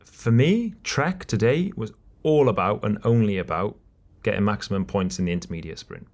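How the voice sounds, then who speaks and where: A man co-hosting a cycling podcast, talking in an animated, teasing way about the race. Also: on the low side, normal speed. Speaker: podcast co-host, race commentator. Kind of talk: casual podcast chat.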